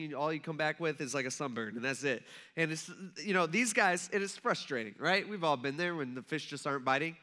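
A man's voice: on the high side, bright, forceful tone. A male pastor preaching a sermon in a casual, conversational storytelling manner.

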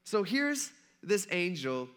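A male preacher who tells the story in a loose, conversational way and keeps turning to the congregation. His voice sits high and sounds bright and forceful. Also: big pitch swings, slow. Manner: casual and chatty, talks to the congregation directly. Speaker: pastor.

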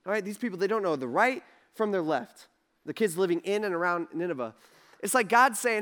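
Guy preaching a sermon, kinda high voice, super animated, acts out the voices. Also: fairly quick. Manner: animated, acts out quoted voices, conversational asides. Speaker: pastor.

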